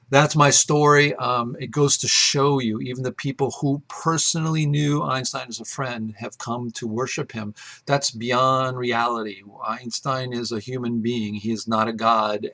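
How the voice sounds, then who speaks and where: A man's voice: medium pitch, fairly bright tone. A man hosting his own show, telling a personal story in a rambling, casual way with many fillers and restarts. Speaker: host.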